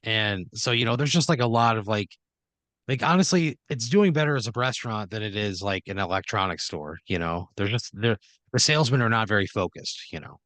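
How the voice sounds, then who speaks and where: A man's voice: lowish voice, lively intonation, a little fast, fairly bright tone, no echo. A man hosting a comedy podcast, telling an improvised story in a rambling way full of "like" and "you know". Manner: rambling, filler-heavy scene-setting with acted-out quotes. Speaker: podcast host.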